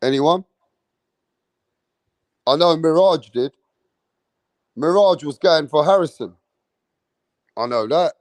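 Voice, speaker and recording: A man's voice: fairly high pitch, slow, pauses often, dry recording. A man hosting a live stream about boxing, brash and profane, talking straight to his chat and boasting about his predictions. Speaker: boxing channel host.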